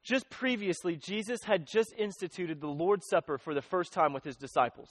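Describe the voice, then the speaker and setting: A man's voice: high voice, moderate pace, fairly bright tone, no room sound. A man preaching a sermon in an earnest, conversational way, often restarting his sentences. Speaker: pastor.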